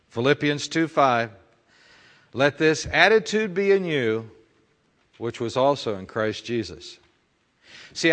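A man's voice: on the high side, fairly bright tone, long reverb tail. A male pastor preaching a conversational sermon full of rhetorical questions.

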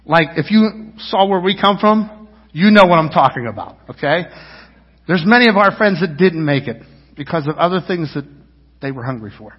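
Husky-voiced man preaching in a reverberant church. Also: expressive, normal speed. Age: 50s. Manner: rambling, storytelling with restarts and asides; swings between loud emphasis and low, quiet lines. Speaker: pastor. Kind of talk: sermon. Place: church sanctuary. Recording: dull sound with long reverb, as in a church hall.

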